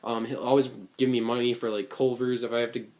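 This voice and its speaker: A man's voice: medium pitch, level tone, fast talker, darkish tone. A young man in his late teens talks in a casual reflective vlog. He sounds earnest and rambling, with many fillers and restarts. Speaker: vlogger.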